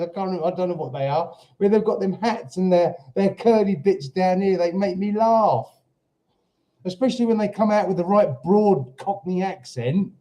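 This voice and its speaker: A man's voice: high voice, normal speed, warm tone. A British man hosting a casual livestream from his home, rambling as he reads out viewer comments and stops to talk to his dog. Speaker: livestream host. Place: home in Portugal.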